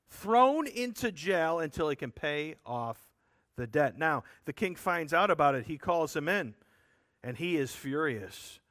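A man's voice: a little high, fairly bright tone, dry recording, clean studio sound. A man preaching a sermon, explaining a scripture passage in an earnest, emphatic way with rhetorical asides to his listeners.

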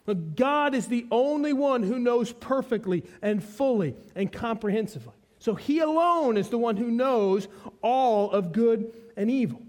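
Man, very high pitch, expository sermon, emphatic, repeats key points. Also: lively intonation, measured pace, a little mellow. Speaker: preacher.

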